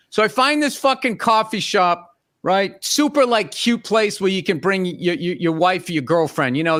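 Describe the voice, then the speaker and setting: A middle-aged podcast host with a high, sharp-toned voice launches into a comedic rant, telling an exasperated, profane story about his wife.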